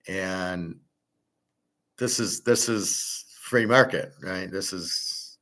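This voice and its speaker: A blunt man hosting a casual commentary show. His voice sits somewhat low, and he rants freely, cursing as he makes his points. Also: extremely slow, pushed and bright. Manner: blunt, ranting, swears freely. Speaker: host.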